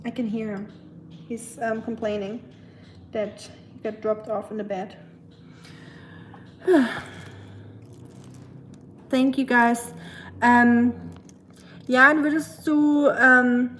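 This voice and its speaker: A woman's voice: on the high side, steady tone, slow, pauses often, fairly bright tone, slight background noise. A young woman with a German accent, a native German speaker, chatting casually with her livestream viewers while she cooks, answering them and searching for words. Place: home kitchen. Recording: echoey kitchen with clattering dishes.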